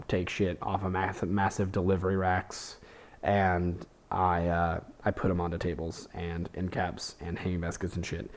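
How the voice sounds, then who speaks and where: A man's voice: sits low, darkish tone. A young man hosting a podcast, talking in a rambling, profane, self-deprecating way with many fillers and restarts. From Texas. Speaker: podcast host. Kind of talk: casual monologue.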